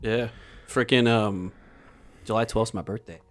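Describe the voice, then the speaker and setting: A man's voice: fairly low pitch, fairly even intonation, unhurried. A man in his late twenties hosting a casual podcast chat, laid-back and trailing off at times. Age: 20s. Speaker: podcast host.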